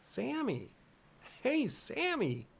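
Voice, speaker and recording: A man's voice: very high voice, huge pitch swings, drawn-out words, gravelly, husky, voice pushed up, heavily acted. A man voicing a caring, teasing teenage girl in a raised, coaxing sing-song, reading game dialogue aloud.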